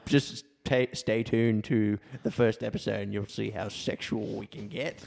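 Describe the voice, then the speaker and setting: A man's voice: lowish voice, level tone, a little slow, vocal fry, darkish tone, big-room sound. A man with an Australian accent co-hosting a podcast, chatting casually and swearing freely. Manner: swears a lot, half-serious. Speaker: podcast co-host. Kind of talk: casual banter.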